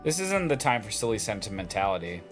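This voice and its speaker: A man's voice: fairly low pitch, very animated, fast, fairly bright tone, faint music behind. A man streaming a visual novel, chatting casually and reading the narration aloud.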